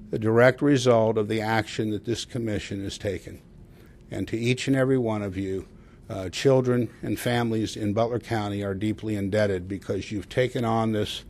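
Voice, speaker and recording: A man who directs a public agency, giving a formal progress report to a commission in a measured, earnest way, with frequent pauses to say "uh". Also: fairly low pitch.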